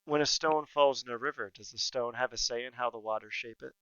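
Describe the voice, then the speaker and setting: A man voicing a little girl who is secretly a high priestess, speaking softly and cryptically in a tabletop game. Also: fairly quick, clean tone, dry recording, dull audio. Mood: cryptic.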